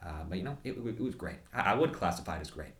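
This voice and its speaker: A man's voice: low voice, lively intonation, racing, reverberant. A young man co-hosting a casual food review, rambling with lots of fillers and restarts. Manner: rambling, many fillers and restarts, laughs at himself.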